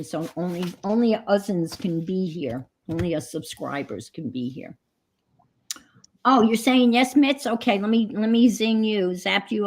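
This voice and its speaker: A woman hosting a crafting livestream, chatting casually in a rambling way. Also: medium pitch. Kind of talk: casual chat. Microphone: computer mic on a livestream.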